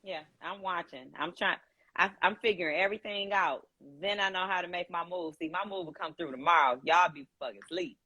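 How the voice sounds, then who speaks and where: A woman hosting a live video call, chatting casually, animated and swearing freely. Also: lowish voice, fairly quick, husky, muffled recording. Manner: animated, swears casually, quotes people in put-on voices. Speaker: host of a live stream. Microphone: phone on a live video call.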